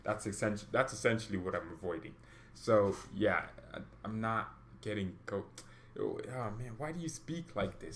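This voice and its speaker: A man hosting a football livestream, chatting casually and rambling with excited exclamations, coughing now and then. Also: lowish voice, moderate pace, slight background noise. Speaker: football channel host.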